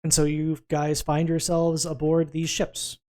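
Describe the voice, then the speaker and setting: A man's voice: fairly high pitch, completely flat delivery, darkish tone. A man acting as game master, calling for dice rolls and narrating what happens. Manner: brisk, calls for dice rolls and narrates results.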